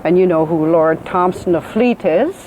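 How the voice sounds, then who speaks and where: A middle-aged woman hosting a local cable TV interview, asking questions in a motherly, gently teasing way. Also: fairly low pitch, normal speed, rough recording. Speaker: TV interview host. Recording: old 1980s cable TV tape with faint hiss.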